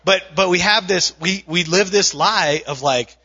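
A man's voice: high voice, unhurried, pushed and bright, breathy edge, lo-fi sound. A man preaching a sermon in a conversational way, with frequent restarts and asides. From not from the South. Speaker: pastor.

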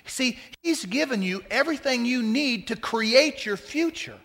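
Bright-voiced joking preacher man. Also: very high voice, measured pace, long reverb tail. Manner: conversational, joking preacher with lively asides. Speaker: pastor. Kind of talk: sermon.

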